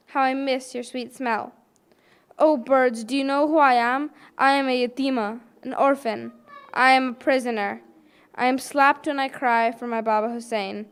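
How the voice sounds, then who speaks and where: A woman's voice: high voice, clean tone. A woman voicing a grieving orphaned little girl held in prison, reciting an elegy poem in a lamenting way. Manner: lamenting, repeated plaintive calls.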